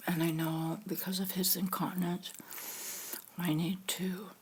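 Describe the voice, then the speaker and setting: A middle-aged woman telling a family story in a soft, half-whispered voice that keeps breaking into laughter. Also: deep voice, steady tone, slow, long pauses, background noise.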